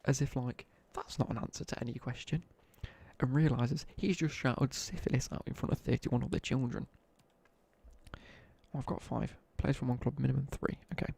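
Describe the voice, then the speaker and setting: Steady and mid-range, this young man's voice is a little mellow, with vocal fry and a breathy edge, and he talks at an ordinary speed. In British English he swaps slangy, laddish school anecdotes during a casual gaming stream, dropping asides as he plays.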